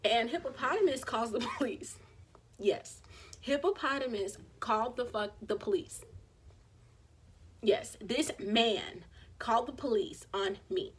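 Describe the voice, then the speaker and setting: A woman in her twenties telling a story on her channel in a casual, animated way, acting out what other people said. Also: on the high side, unhurried, husky. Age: 20s. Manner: animated, acts out quoted people. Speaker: vlogger.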